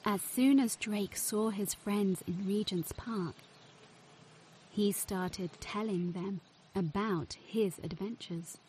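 A woman narrating a children's storybook in a slow, clear reading voice. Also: mid-range voice, warm tone, a little hiss or hum.

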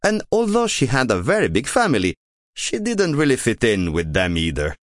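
A man narrating a children's picture book audiobook in a slow, playful way. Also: no room sound, studio quality. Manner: slow, very lively pitch, playful.

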